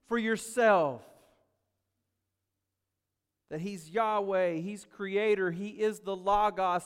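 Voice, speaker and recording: A man preaching a sermon as pastor, swinging between loud urgency and quiet asides. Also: high voice, smooth, long reverb tail.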